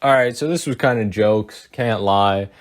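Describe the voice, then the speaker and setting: Young dude rambling thru a reaction vid, slightly low voice, lots of um and like. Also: male voice, a little slow. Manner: rambling, full of fillers, says bro and dude. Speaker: commentary youtuber. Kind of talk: casual reaction commentary.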